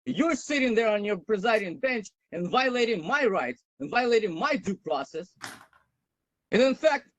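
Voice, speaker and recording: A man argues his traffic case over a video call, insistent and constantly interrupting. His voice sits unusually high for a man. The sound is close and dry with no room around it. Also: dry recording, low-quality recording. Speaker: defendant in traffic court.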